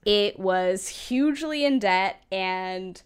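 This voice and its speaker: A woman's voice: medium pitch, animated, takes it slowly, clear, resonant tone. A woman casually telling a history story on a podcast, laughing often and swearing freely.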